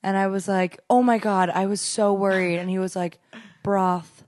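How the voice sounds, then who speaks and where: A young woman co-hosting a casual podcast chat, telling stories in an animated way and laughing often. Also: medium pitch, fairly quick, a little hiss or hum. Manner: animated storytelling, acts out quotes, laughs often. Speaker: podcast co-host.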